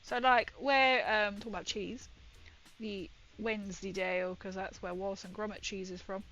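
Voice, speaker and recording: A woman's voice: mid-range voice, steady tone, normal speed, fairly bright tone, lo-fi sound. A woman chatting casually as she paints miniatures, rambling and swearing now and then. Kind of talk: casual chat while painting.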